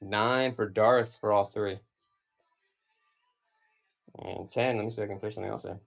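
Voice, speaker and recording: A creaky, lowish male voice with fairly even intonation moves at a moderate pace. The speaker, an American in his forties, rambles chattily through a live-stream comic auction, dropping lots of fillers and asides.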